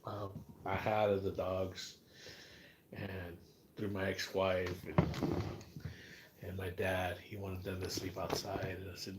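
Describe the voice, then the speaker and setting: A man's voice: low voice, flat delivery, slow, pauses often, heavy background noise. Rambling, profane man chatting on a livestream. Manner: rambling, profane, talks to chat. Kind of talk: casual live-stream chat.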